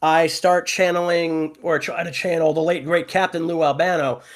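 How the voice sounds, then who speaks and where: A man's voice: on the high side, flat delivery, moderate pace. A man who does character voices, chatting casually on a livestream and explaining things at length with many fillers. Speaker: voice actor and stream cast member.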